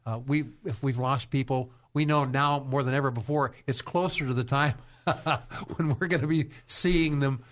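A man's voice: medium pitch, steady tone, moderate pace, fairly bright tone. A man hosting a Christian radio talk show, speaking in a folksy way and often repeating his words. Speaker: radio host.

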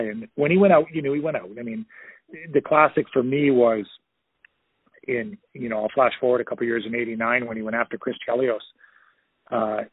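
A man's voice: mid-range voice, husky, no echo. A man in his fifties, a former hockey player, telling stories in an interview, rambling with lots of fillers over a phone line. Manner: rambling, many "you know" fillers, anecdotal. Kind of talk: casual storytelling interview.

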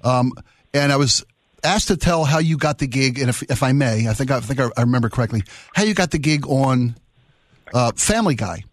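A man's voice: medium pitch, expressive, normal speed, dry recording. Effusive male radio host, dry studio. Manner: effusive, matey, with lots of praise. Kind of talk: interview.

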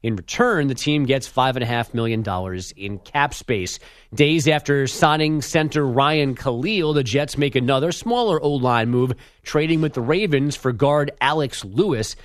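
A man's voice: medium pitch, moderate pace, dry recording. A man hosting sports radio, reading a sports news update with dry, teasing remarks.

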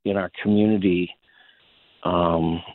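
A man's voice: sits low, steady tone, takes it slowly, no echo. A man from Saskatchewan, telling a rambling story as an interview guest with many restarts and chuckles. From Saskatchewan, Canada. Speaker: interview guest, former hockey player. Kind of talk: casual anecdotal storytelling. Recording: phone-like narrow band, dry.

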